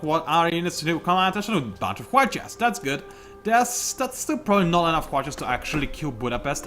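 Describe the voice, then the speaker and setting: Animated man chatting over gameplay. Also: on the high side. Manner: chatty, self-mocking, animated outbursts at the game. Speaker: gaming YouTuber. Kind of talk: casual game commentary.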